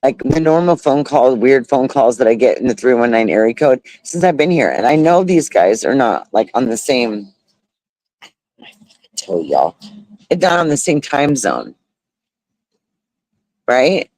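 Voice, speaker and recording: A man's voice: medium pitch, big pitch swings, measured pace, pauses often, darkish tone, no echo, rough recording. An older man from the United States hosting a live stream outdoors, talking in a heartfelt, rambling way, often laughing and saying y'all. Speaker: livestream host. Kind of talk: casual heartfelt livestream chat. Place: outdoors at a beach resort. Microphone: phone.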